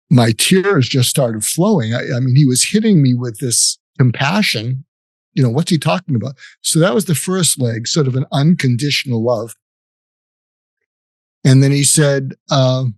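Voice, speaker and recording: An older man, a psychiatrist, recounting a personal story in an interview, reflective and halting with restarts. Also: medium pitch, expressive, dry recording.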